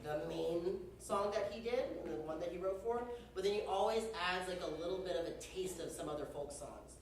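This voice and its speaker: A man's voice: high voice, a little hiss or hum. Young male band conductor, very echoey. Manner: chatty, joking, uses y'all. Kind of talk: rehearsal instruction. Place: rehearsal room with a band. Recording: very echoey hall from far off.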